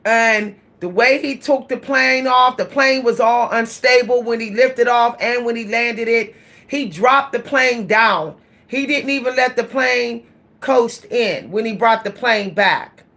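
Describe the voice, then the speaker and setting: A woman vlogger telling a story in casual chat, animated and laughing, talking straight to her listeners. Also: fairly high pitch, slow pace.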